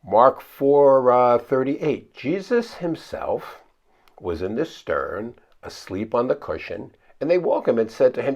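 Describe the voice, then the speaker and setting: Male pastor, low gravelly voice, lively and chatty sermon delivery, dull lo-fi recording. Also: takes it slowly. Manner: conversational, asks the listeners questions and answers them himself; acts out the frightened disciples in high pleading voices.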